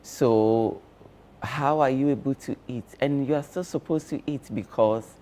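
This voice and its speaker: A man speaking as a guest on a breakfast show, explaining care tips slowly and with many fillers. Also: medium pitch, dark tone. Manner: slow, measured explaining with frequent fillers. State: talking with cloves in his mouth. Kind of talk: explanatory studio talk.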